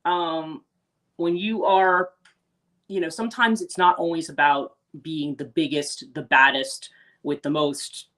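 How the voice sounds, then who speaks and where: A woman's voice: sits low, steady tone, unhurried, fairly bright tone. Woman host, casual livestream coach, meandering and chatty. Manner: rambling, many restarts and fillers, reads out viewer comments. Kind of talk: casual livestream talk on tarot.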